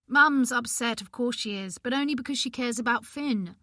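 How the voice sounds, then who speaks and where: A woman doing a tired young husband, flat and firm, cool tone, slightly high voice, dry sound. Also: moderate pace, dry recording.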